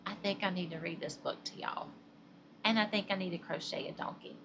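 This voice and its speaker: A woman's voice: lowish voice, steady tone, brisk, background noise. A middle-aged woman with a Southern American accent, chatting casually and rambling to her viewers in a crochet vlog, laughing often. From Southern United States. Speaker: crochet vlogger.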